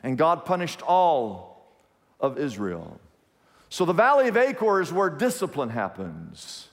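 A man preaching a sermon as a pastor, telling stories in an animated way and repeating his phrases. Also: fairly high pitch, a little slow, long reverb tail. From Kansas, USA.

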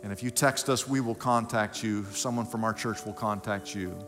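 A man's voice: on the low side, fairly even intonation, moderate pace. A male pastor giving a sermon in a church, preaching emphatically and building his points. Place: church sanctuary. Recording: echoey hall with faint music.

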